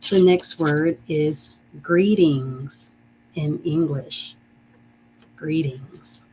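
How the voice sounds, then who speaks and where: A woman leads a live online reading lesson, encouraging her viewers and stretching each word out to sound it clearly. She speaks slowly in a somewhat low voice, with a faint background hum on the stream. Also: fairly even intonation, rough recording. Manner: slow, warm and encouraging, greets chat viewers; drawn-out careful pronunciation of words.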